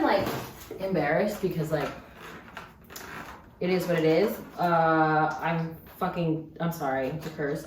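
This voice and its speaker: A young woman vlogging at home while she unboxes beads, sad yet chatty, with lots of likes and some swearing. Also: mid-range voice. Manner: upset but trying to stay upbeat, swinging between sad and excited; chatty, with frequent likes and occasional cursing. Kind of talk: casual unboxing vlog. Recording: echoey room, faint background noise.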